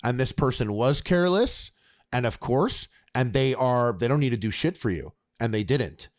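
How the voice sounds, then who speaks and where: A man's voice: mid-range voice, animated, moderate pace, no echo, clean studio sound. A man co-hosting a podcast, rambling in casual chat with lots of fillers and swearing. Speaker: podcast co-host.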